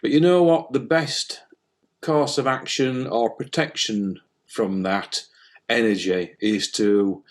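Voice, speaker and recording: A man's voice: mid-range voice, fairly even intonation, takes it slowly. A man co-hosting a casual spiritual chat, jokey and rambling, with many fillers and restarts. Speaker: medium and podcast co-host.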